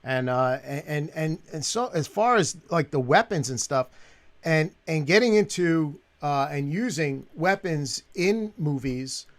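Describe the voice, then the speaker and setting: A man hosting an interview show, asking questions haltingly with many restarts. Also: a little high, animated. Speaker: show host. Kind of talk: interview chat.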